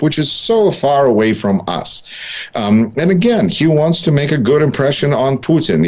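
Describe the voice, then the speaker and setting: A man co-hosting a political talk show, giving analytical commentary in a halting, wry way, with frequent fillers and restarts. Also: mid-range voice, darkish tone.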